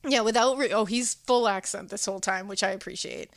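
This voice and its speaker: A woman co-hosts a podcast and recaps a horror movie scene by scene in a lively, chatty way. Her voice sits at an ordinary middle pitch. The recording is dry and close, with no room sound. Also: a little fast, no room sound. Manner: animated, chatty retelling with laughs and acted-out quotes. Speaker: podcast co-host. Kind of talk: casual chat recapping a movie.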